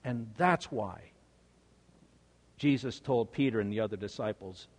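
A man's voice: fairly low pitch, a little slow, slightly rough. List: man, sermon, dramatic storytelling, long hall reverb. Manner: dramatic storytelling, swings from hushed to emphatic. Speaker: preacher.

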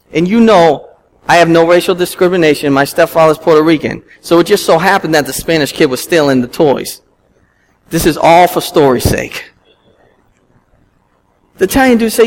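A man preaching a sermon as pastor, telling a story in an animated, emphatic way. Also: high voice, moderate pace, a little hiss or hum, rough recording. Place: church.

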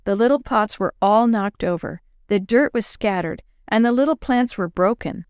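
Expressive woman reading a children's story. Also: mid-range voice, normal speed, hardly any pauses, smooth, no echo, clean studio sound.

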